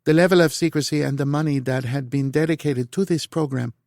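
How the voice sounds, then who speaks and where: A man's voice: fairly high pitch, brisk, gravelly, darkish tone, no room sound, studio quality. A male narrator voicing a female general who presses with blunt, demanding questions.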